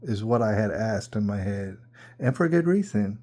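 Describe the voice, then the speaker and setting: A man's voice: fairly low pitch, animated, normal speed, darkish tone. A man hosting a podcast, telling a casual story in an incredulous way, full of rhetorical questions and repeats. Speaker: podcast host.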